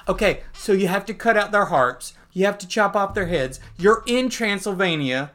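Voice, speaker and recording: A man's voice: sits high, animated, normal speed, hardly any pauses, fairly bright tone. Man rambling through a comic recap. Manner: rambling, laughing recaps with many fillers. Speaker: podcast co-host. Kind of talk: casual comic book review chat.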